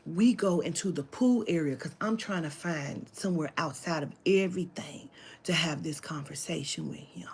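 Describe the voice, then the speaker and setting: A woman telling a story to camera, animated and profane, dropping into whispered asides. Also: deep voice, normal speed, a little hiss or hum. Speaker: spiritual reader telling a story.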